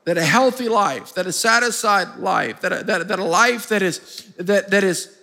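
A man's voice: sits high, moderate pace, gravelly, sharp tone, in a large hall. A male pastor preaching a sermon, emphatic, prompting his congregation to answer back. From United States. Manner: emphatic, call-and-response with the congregation.

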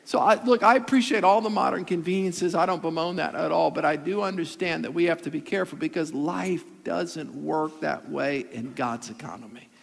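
A man's voice: on the high side, normal speed, vocal fry, few pauses, long reverb tail. A man pastor giving a sermon, emphatic and repeating his phrases for weight.

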